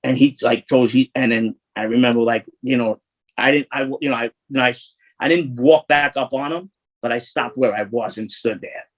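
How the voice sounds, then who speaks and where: An interview guest with a mid-range voice speaks at a moderate pace, casually telling rambling, profane street stories full of restarts. The recording is rough.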